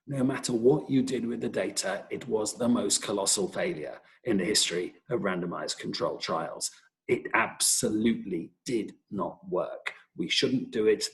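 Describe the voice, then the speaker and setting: A middle-aged British man speaking in a webinar, his voice gravelly with a wide, animated swing in pitch. He tells wry, lively anecdotes as a professor recounting his research. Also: low-quality recording. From Britain. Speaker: professor, epidemiologist.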